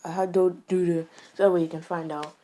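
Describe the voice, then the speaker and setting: A woman's voice: lowish voice, little pitch movement, a little fast, dark tone, a little hiss or hum. A woman improvising a casual story, rambling and hesitant with many restarts. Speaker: fan storyteller.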